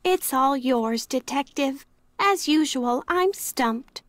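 A woman's voice: high-pitched, animated, takes it slowly, a bit bright, slight background noise, heavily acted. An actress playing a sulky, grieving young woman in a mystery game who sounds glum and dismissive.

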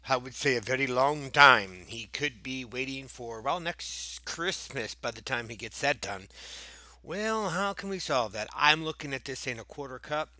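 Bright, playful man teaching math. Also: mid-range voice, animated, moderate pace, dry recording. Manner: goofy, jokey, breaks into silly voices and asides. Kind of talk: playful math review lesson.

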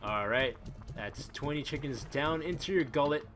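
A man doing excitable, chatty commentary as he plays a video game, thinking aloud and exclaiming often. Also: medium pitch, normal speed. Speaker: let's play gamer. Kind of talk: live gaming commentary. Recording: voice over loud game music. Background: game music.

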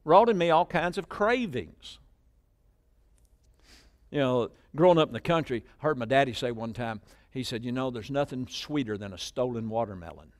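A middle-aged man, preaching a sermon, jumping between loud shouted lines and quiet asides, and calling on the congregation to repeat phrases. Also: mid-range voice, lively intonation, normal speed. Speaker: pastor. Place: church.

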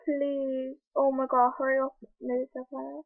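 A woman's voice: high-pitched, completely flat delivery, unhurried, no echo. A woman chatting casually over a screen recording, rambling and jittery, with frequent gasping exclamations, recorded on a computer mic. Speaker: video creator. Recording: tinny phone-like dry recording.

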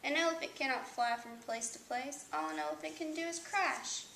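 A woman's voice: high-pitched, moderate pace, gravelly, bright, forceful tone, reverberant, a little hiss or hum, pitched above the performer's own voice, full character voice. A woman voicing a silly male elephant with sore feet, with plaintive exclamations, in a storybook reading. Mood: earnest.

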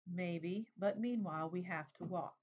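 A woman reading aloud, voicing a weary father who speaks softly and sadly to his small daughter. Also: on the low side, measured pace, breathy edge, narrow, tinny audio. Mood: sad, gentle. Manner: soft, sad. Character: weary gentle father, sad and patient.

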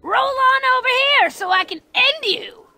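A woman's voice: very high voice, expressive, normal speed, gravelly, sharp tone, no echo, full character voice. An actress voicing a brash, wisecracking young woman who fights zombies in a video game, trash-talking as she goes. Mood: taunting.

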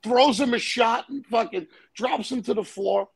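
Gravelly, raspy man telling rough stories. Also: very high-pitched, a little slow. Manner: profane, rambling crime storytelling. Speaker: storyteller guest. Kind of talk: casual chat. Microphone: live stream call.

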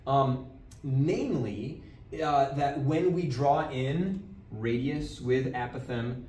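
A man's voice: mid-range voice, slow pace, a little mellow. A man teaching a geometry lesson in a classroom, repeating key terms and checking in with "all right?". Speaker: math teacher. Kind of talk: classroom lecture. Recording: roomy, distant from mic, faint background noise.

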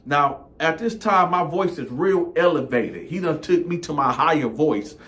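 A man with a high-pitched voice tells a story in a casual, animated way. He acts out each character as he goes and keeps dropping a filler word at the ends of his lines. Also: moderate pace. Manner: animated, acts out all parts, repetitive filler 'man'. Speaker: storyteller, channel host.

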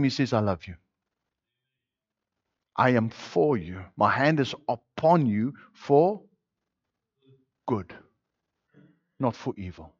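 A male pastor preaching a sermon, swinging between loud, emphatic declarations and quiet, intimate passages. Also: medium pitch, lively intonation, slow, pauses often, slightly rough, dry recording. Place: church. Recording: dull, dry lo-fi sermon recording.

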